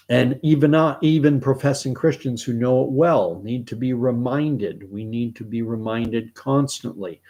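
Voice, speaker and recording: A man from Canada talks through a livestream, picking up viewer comments and wandering off onto side thoughts. His pitch sits in an ordinary middle range, and his delivery is loose and unhurried. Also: warm tone. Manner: rambling and digressive, musing aloud. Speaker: host.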